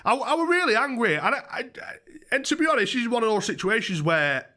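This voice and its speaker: A man's voice: extremely high pitch, fast talker. A young man, a streamer telling a rambling story full of swearing and restarts. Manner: profane, excitable, rambling with many restarts. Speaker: YouTuber streamer. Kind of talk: casual storytelling on a livestream.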